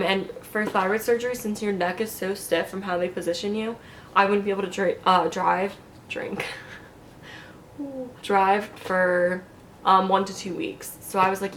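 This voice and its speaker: A woman's voice: medium pitch, a bit bright, a little hiss or hum. Chatty young woman telling a story. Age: young adult. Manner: chatty, lots of "like" and quoted asides, laughing often. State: recovering from neck surgery. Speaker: vlogger. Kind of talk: casual storytelling vlog.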